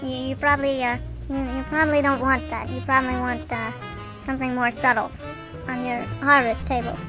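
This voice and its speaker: A woman's voice: high-pitched, level tone, a little fast, over music, close to an everyday voice, poor audio. A woman voicing a rambling, mumbling male actor who gives a muddled how-to tutorial in a radio comedy. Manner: rambling, unsure, trailing off.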